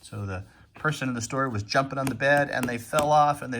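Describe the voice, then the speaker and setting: A man's voice: mid-range voice, brisk, fairly bright tone, a little hiss or hum. A man teaching a phonics lesson to young children, patiently sounding out and repeating words.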